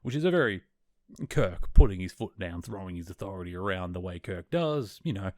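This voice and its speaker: A chatty male podcast host with a low-pitched voice, rambling through an episode recap with easy enthusiasm. He often corrects himself mid-thought. The sound is close-miked and dry, with no room echo. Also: expressive, brisk, a little mellow. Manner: chatty, enthusiastic, self-correcting, laughs now and then. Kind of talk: casual chat, recapping an episode.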